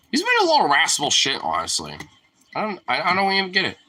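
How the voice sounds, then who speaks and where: A young man rambling casually to his dog at home, profane and teasing, jumping into a high squeaky voice to call the pet. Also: bright, forceful tone. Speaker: vlogger talking to his dog. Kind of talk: casual chat.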